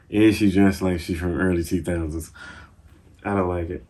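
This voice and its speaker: A man recapping TV episodes in a casual, slangy, excitable way, with lots of fillers. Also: low-pitched, normal speed. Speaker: TV show reviewer.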